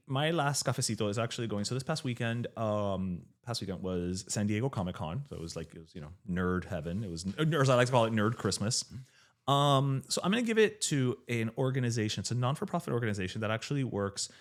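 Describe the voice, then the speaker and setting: A man's voice: medium pitch, sing-song, fairly quick. A man co-hosting a podcast, chatting eagerly about pop culture and fan conventions. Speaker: podcast co-host. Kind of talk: casual chat.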